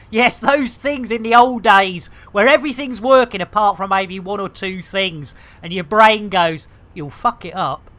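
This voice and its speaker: A man's voice: high voice, pushed and bright. A middle-aged man with an English accent chatting casually and animatedly while streaming, swearing freely and ranting. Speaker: game streamer.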